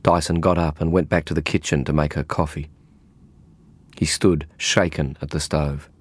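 A man reading an audiobook in calm, measured narration. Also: a bass voice, breathy edge, dry recording. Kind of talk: scripted narration.

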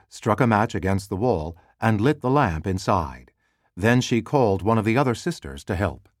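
A man reading a scripted narration in a measured, calm storytelling manner. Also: lowish voice, no echo, studio quality.

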